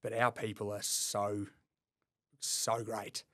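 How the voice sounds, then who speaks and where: A man with an Australian accent in casual podcast chat, relaxed and self-deprecating, rambling with restarts. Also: on the low side, slow pace, no echo, studio quality. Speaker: podcast co-host, plumbing business owner.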